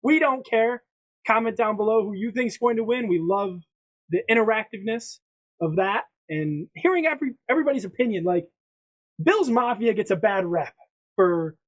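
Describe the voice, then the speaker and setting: A man with a high, expressive voice hosts a sports prediction podcast at a moderate pace, chatting casually in a presenter's style and frequently restarting his sentences. The recording sounds dull and lo-fi.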